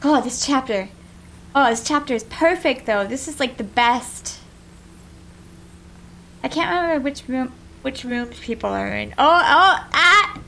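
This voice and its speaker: A woman with a high, bright voice commentates her horror game playthrough, easily startled and quick to curse or squeal. Her running commentary sits over a steady noisy hiss. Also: creaky. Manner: excitable, swears and shrieks when scared; reads game text aloud in Japanese. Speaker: gaming streamer. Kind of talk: let's play commentary.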